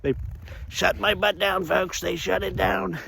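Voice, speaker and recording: A man's voice: high-pitched, flat delivery, a little slow, vocal fry, sharp tone, a little hiss or hum. A man talking casually in a walk-and-talk vlog, playful and rambling, often drifting into sing-song and laughter. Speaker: vlogger. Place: outdoors on a walk.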